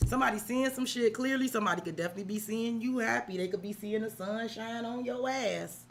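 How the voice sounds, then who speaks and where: A woman's voice: fairly high pitch, fast talker, a little hiss or hum. A woman reading tarot on a live stream, talking to the client in casual, profane slang and checking in with them often. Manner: addresses the client directly, checking in with "right?". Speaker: tarot reader.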